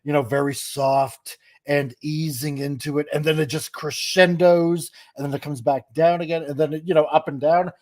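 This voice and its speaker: A man's voice: a little high, fairly even intonation, normal speed, few pauses, a little mellow. A man chatting as a podcast guest, eager and stumbling over restarts and fillers. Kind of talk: casual chat.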